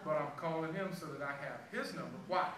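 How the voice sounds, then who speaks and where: A man's voice: on the high side, fast talker, a bit bright. A man giving a sales training talk to a live group, acting out the dialogue of a story. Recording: echoey room, far from mic, background noise.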